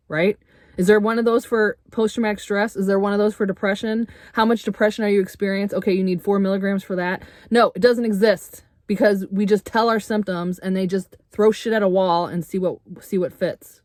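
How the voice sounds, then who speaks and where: A middle-aged woman vlogging a heated, swearing rant with sarcastic rhetorical questions, getting loud at times. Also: mid-range voice, no echo, clean studio sound. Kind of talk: angry personal rant to camera. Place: RV interior.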